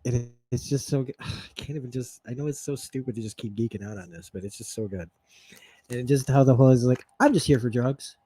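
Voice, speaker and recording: A man's voice: mid-range voice, fast, dark tone, slightly rough, no room sound. A man in a rambling, stream-of-consciousness TV recap, talking enthusiastically with frequent laughs. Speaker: host. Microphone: streaming setup mic.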